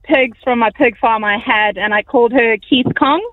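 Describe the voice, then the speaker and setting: A woman's voice: fairly high pitch, moderate pace, crowd noise. A New woman calling a radio show, her voice thin and boxy over a phone line. She is cheerful, with laughter breaking through as she talks. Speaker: caller. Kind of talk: phone-in chat.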